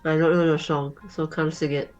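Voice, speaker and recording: Low-voiced woman, playful stream co-host. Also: flat delivery, moderate pace, darkish tone, highs cut off, faint music behind. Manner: playful, jokey, sings bits of songs. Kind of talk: casual let's play chat.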